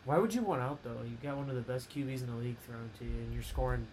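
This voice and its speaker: A man's voice: mid-range voice, fast, a little mellow, slight background noise, low-quality recording. A young man co-hosting a casual sports podcast, laid-back and laughing through his stories. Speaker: podcast co-host.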